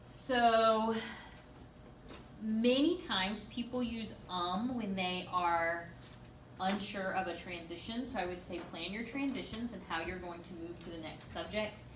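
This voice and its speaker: A woman in her thirties, a speech teacher, giving a lively, emphatic classroom lecture with playful asides to her students. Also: medium pitch, a little slow, noisy background. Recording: echoey classroom from far off, faint ambience.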